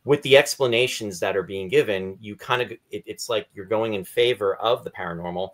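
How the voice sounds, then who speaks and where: Host, male, low voice, slightly hoarse, rambling and apologetic. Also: fairly quick. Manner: rambling, apologetic, restarts often. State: losing his voice, clearing throat. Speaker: podcast host. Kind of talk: casual interview chat.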